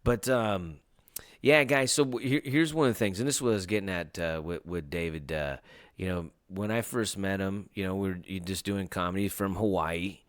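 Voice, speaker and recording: A man's voice: low-pitched, normal speed, clean tone, no room sound, studio quality. A man hosting a casual podcast, rambling loosely with lots of hesitations. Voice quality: rambling, lots of fillers and restarts. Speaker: podcast host.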